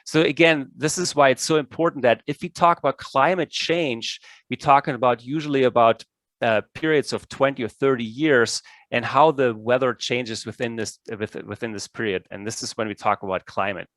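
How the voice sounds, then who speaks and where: A man's voice: mid-range voice, moderate pace, fairly bright tone, no echo. A middle-aged man with a German accent, giving an online science lecture in a hesitant way, full of fillers and restarts. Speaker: presenter, ecology professor. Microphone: video call.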